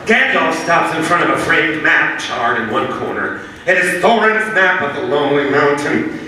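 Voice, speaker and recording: A man's voice: fairly high pitch, lively intonation, normal speed. A man on a convention panel reading stage directions aloud in a playful, comedic live script reading. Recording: echoey hall, far mic, hum.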